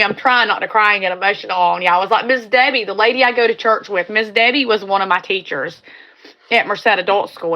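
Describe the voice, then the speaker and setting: A woman's voice: medium pitch, bright, forceful tone, lo-fi sound. A middle-aged woman from California hosting a casual livestream chat, talking in a heartfelt, rambling way and repeating her phrases. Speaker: livestream host.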